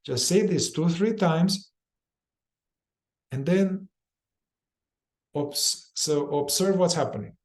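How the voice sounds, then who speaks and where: A man leading a guided somatic therapy group, talking informally, repeating phrases and sometimes swearing. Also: on the high side. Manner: informal and repetitive, acts out inner voices with quick chanted phrases and swearing.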